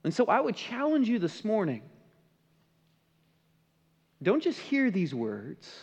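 A man preaches emphatically, putting questions to his listeners. His voice sits high and swings widely in pitch. The sound rings out with the long reverb of a big hall. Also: lo-fi sound. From American Midwest. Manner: emphatic, asks the congregation questions. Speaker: pastor. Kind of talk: sermon.

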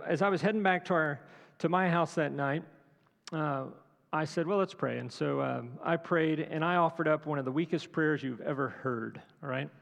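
A middle-aged male pastor with a gravelly edge and a slightly high-set voice tells a story from the pulpit. He keeps it conversational and wry, turning to his listeners for agreement, and the sound trails off in a long hall reverb. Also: fairly bright tone. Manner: conversational, humorous, asks the audience "right?". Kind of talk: sermon storytelling.

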